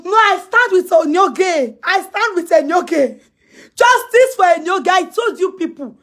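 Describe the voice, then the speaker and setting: This ranting live-stream commentary comes from a Nigerian social media personality who speaks Pidgin-accented English in a piercing, very high voice. Unhurried yet animated, she hammers home her scolding with heavy repetition and emphasis, every so often breaking into shouts.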